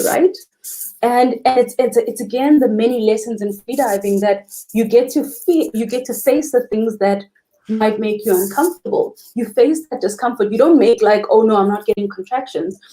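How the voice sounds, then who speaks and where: Mellow-voiced South African woman guest. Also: a little high, moderate pace. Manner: earnest, expressive, speaks of the ocean lovingly. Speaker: freediving instructor, guest. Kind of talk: live interview chat.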